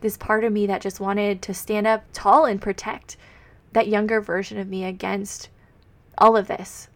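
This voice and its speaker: A woman speaking at an ordinary middle pitch, with a gravelly fry running through her soft words. She talks in a vulnerable, confessional way, as a host sharing a personal faith reflection. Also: little pitch movement, moderate pace. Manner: heartfelt, reading her journal aloud. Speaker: podcast host.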